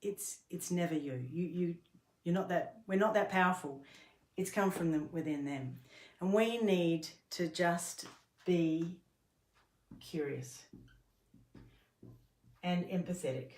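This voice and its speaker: A middle-aged woman with a low voice gives a workplace training talk. She explains earnestly and patiently, now and then stumbling and restarting a phrase. The room around her rings with a noticeable echo. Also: slow pace, pauses often, a little mellow. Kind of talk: instructional talk to camera. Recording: roomy echo.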